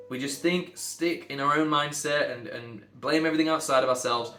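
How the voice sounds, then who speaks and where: Speaking fairly quickly in a mid-range, sharp-toned voice, a man coaches pronunciation directly to camera. He is blunt and emphatic, repeating phrases to drive his points home, in an echoey room with faint music.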